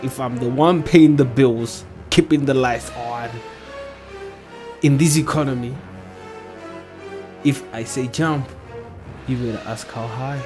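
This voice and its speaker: A man's voice: mid-range voice, takes it slowly, pauses often, a little mellow, soft background music. A man hosting, giving casual blunt commentary and arguing back at clips. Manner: blunt, argumentative, keeps saying bro. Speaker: host.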